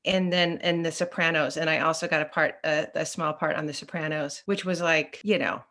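A middle-aged woman from Southern California, an actor chatting casually as a podcast guest, self-deprecating and quick to laugh, acting out her own past reactions. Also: low-pitched. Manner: chatty and self-deprecating, laughs often, quotes herself in lively voices. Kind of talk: casual interview chat.

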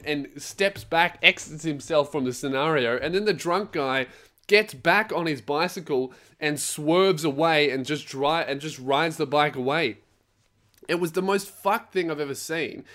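A young man hosting a podcast, telling stories in a profane, animated comic rant. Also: on the high side. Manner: profane, animated storytelling with laughs. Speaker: podcast host. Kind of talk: casual comedic rant.

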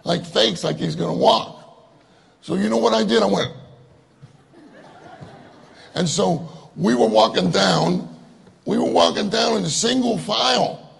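Gravelly jovial male preacher. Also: high-pitched, measured pace, pauses often. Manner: storytelling, jovial with frequent laughter. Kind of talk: sermon.

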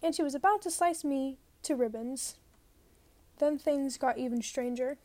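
A woman reading a novel aloud, telling it in a lively first-person way. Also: sits high, moderate pace, no room sound. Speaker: reader.

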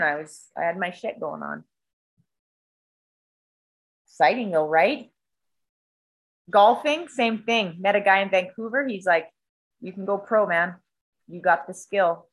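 On a rough recording, a medium-pitched woman tells a story during a casual conversation. She curses a lot and animatedly imitates sound effects and the voices of other people.

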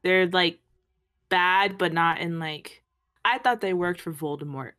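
A woman co-hosting a podcast in a relaxed, rambling way, full of fillers. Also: on the low side, unhurried, no room sound. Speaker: podcast co-host. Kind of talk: casual podcast chat.

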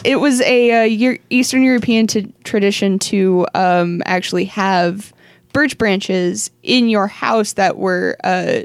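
A young woman co-hosting a casual podcast chat, animated and quick to laugh as she tells a story. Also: mid-range voice, clean tone, dry recording. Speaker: podcast co-host.

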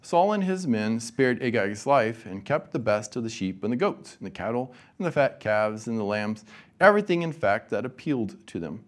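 A man's voice: medium pitch, very animated, moderate pace. A man giving a college chapel sermon, casual and joking with the audience. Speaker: guest chapel speaker.

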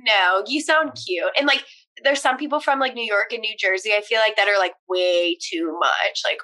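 A woman's voice: medium pitch, moderate pace, pushed and bright. A woman in her twenties from Pennsylvania, co-hosting a casual chat, talking easily with lots of "like" and casual swearing. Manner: chatty, filler-heavy with "like", casual swearing. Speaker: podcast co-host.

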